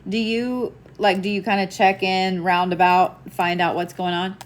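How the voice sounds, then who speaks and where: A woman's voice: medium pitch, level tone, unhurried. A woman giving live psychic readings, casual and chatty, laughing and swearing now and then. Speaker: psychic medium.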